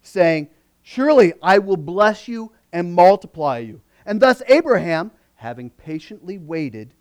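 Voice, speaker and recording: A male pastor with a notably high voice delivers a sermon. He reads scripture and presses his points with rising, forceful emphasis, then drops back to a quieter, conversational tone. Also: very animated, measured pace. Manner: preaching with swelling emphasis, rising loud on key words.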